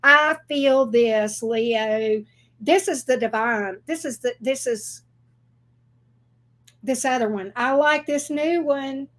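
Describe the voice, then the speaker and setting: A woman giving a casual tarot reading who talks in a chatty, excitable way and swears freely. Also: high-pitched, slow, long pauses. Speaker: tarot reader.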